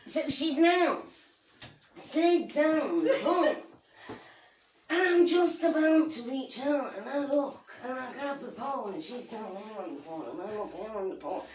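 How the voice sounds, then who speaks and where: A woman putting on a Scottish accent to play a rambling comedian telling a wild tall tale, drawing out her words in a high, animated voice. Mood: animated storytelling. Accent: put-on Scottish. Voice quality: animated, high-pitched, drawn-out storytelling. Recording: roomy, distant, noisy home stream.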